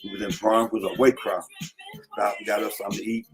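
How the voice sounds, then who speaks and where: A man's voice: fairly low pitch, level tone, fast, music in the background. Laid-back man spinning street tales. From Atlanta, USA. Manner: slangy, keeps saying "you know what I'm saying". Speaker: vlogger telling street stories. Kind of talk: casual storytelling. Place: in a car.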